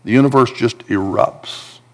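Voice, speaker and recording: A man's voice: mid-range voice, unhurried. A man preaching a sermon, building intensity with repeated emphatic phrases. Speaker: pastor.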